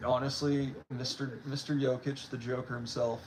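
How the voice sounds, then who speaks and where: A man's voice: medium pitch, little pitch movement, normal speed, a little hiss or hum, poor audio. A young man in casual chat, rambling with many fillers while he opens trading cards. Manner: rambling, filler-heavy, with restarts. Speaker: card-opening vlogger.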